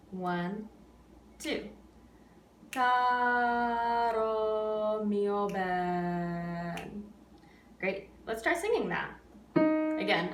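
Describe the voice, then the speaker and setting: A woman who is an opera pianist teaches an online singing lesson, coaching patiently and counting students in. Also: mid-range voice. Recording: roomy, distant mic with faint background noise.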